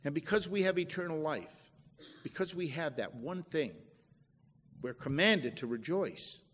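A high-voiced man delivers a sermon, talking to his listeners conversationally and pressing them with rhetorical questions. He reads out scripture verses between his points. His voice trails off into a long reverb, as in a large hall. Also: expressive, unhurried, a bit bright, a little hiss or hum. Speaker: preacher.

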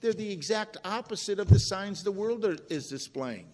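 A man's voice: sits high, animated, normal speed, a little mellow, in a large hall. A man preaching a sermon in a conversational way, asking rhetorical questions and quoting scripture verses.

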